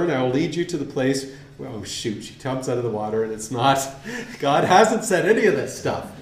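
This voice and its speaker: A man's voice: mid-range voice, a little mellow, a little hiss or hum. A man reading passages aloud and commenting on them in a conversational lecture, often asking rhetorical questions. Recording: roomy echo, faint ambience.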